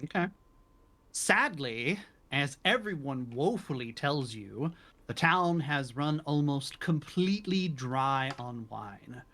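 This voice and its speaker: Casting: game master, man, mid-pitched, descriptive storyteller on a call mic. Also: expressive, pushed and bright. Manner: descriptive, unhurried narration with asides. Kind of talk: narrating a tabletop game over a voice call. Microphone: headset or desk mic on a voice call.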